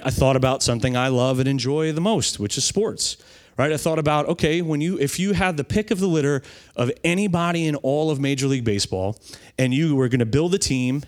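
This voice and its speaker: Man, middle-aged pastor, sermon, conversational, slightly high-pitched, keeps asking "right?".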